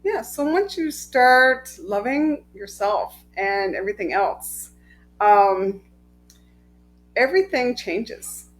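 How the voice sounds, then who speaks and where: A middle-aged woman energy healer telling personal stories in a casual, heartfelt way, with many pauses and a frequent "right?". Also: mid-range voice, lively intonation, low-quality recording. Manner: slow, heartfelt, with many ums and rhetorical "right?". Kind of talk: casual storytelling to camera.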